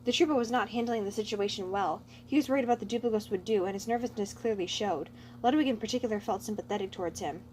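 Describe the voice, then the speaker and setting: A woman narrating fan fiction aloud in a steady, plain storytelling way. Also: mid-range voice, quick pace, a little hiss or hum.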